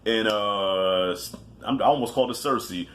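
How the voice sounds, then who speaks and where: A man's voice: fairly low pitch, normal speed, fairly bright tone. A man giving a casual movie countdown, talking loosely with profanity, self-mocking asides and frequent restarts. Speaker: movie reviewer.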